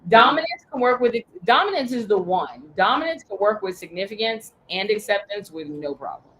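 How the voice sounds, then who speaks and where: Animated woman coach teaching a workshop. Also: medium pitch, moderate pace, a little hiss or hum, low-quality recording. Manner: animated storytelling, acting out quoted voices, casual swearing. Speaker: business coach.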